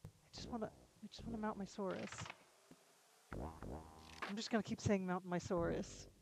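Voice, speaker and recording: A woman's voice: medium pitch, steady tone, a little slow, vocal fry, background noise. A woman streaming herself playing a video game, chatting casually to her viewers and talking to herself with frequent restarts. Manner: chatty, rambling self-talk with frequent restarts. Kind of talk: casual live-stream commentary.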